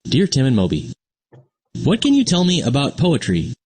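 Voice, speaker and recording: A man voices a friendly young cartoon explainer teaching poetry basics in scripted, upbeat narration, explaining simply and replying to an unheard sidekick. His medium-pitched voice swings hugely in pitch at a moderate pace, with a darkish, slightly rough tone.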